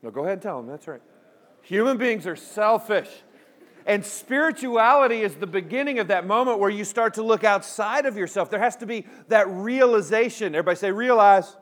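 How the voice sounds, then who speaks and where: Lively, high-pitched preacher man with a lilt. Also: a little fast. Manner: energetic call-and-response preaching, humorous asides. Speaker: pastor. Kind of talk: sermon.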